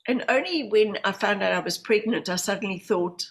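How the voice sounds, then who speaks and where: Talking a little fast in a medium-pitched voice, this podcast guest tells personal stories during an interview. She's in her fifties with a New Zealand accent, works as a medium and hypnotherapist, and lively mimics the voices of those she quotes.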